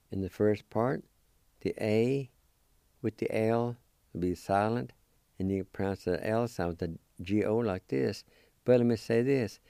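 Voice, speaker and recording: A middle-aged man giving a slow, deliberate spelling and pronunciation lesson, spelling out letters one by one. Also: on the low side, vocal fry, warm tone, clean tone, no room sound, clean studio sound. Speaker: radio language teacher.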